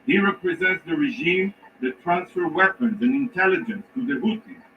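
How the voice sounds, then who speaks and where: A man giving a formal, prepared speech to a council as an ambassador, emphatic and indignant, with measured pauses. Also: high-pitched, expressive. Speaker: ambassador addressing the Security Council. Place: large council chamber. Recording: distant, dull rebroadcast with faint noise.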